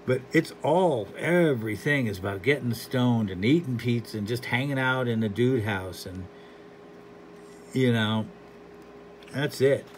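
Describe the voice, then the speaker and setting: A man talks through a comic book in a loose, rambling way, sounding dry and unimpressed. His voice sits at an ordinary middle pitch. A faint hiss of background noise runs under the recording. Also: unhurried. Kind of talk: casual commentary.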